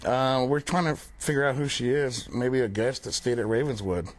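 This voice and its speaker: A man's voice: mid-range voice, moderate pace. A young man who is a paranormal investigator, speaking as a guest in a casual TV interview, plain-spoken and full of fillers like "um" and "like". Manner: relaxed, plain-spoken, uses many fillers like "um" and "like". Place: TV studio.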